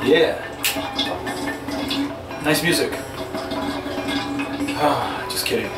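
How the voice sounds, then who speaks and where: A man's voice: mid-range voice, steady tone, moderate pace, over loud music. Shivering man talking from an ice bath. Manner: rambling, profane, self-talk between gasps. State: shivering, breathing heavily. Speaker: vlogger. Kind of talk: casual vlog narration. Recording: echoey bathroom, mic at a distance.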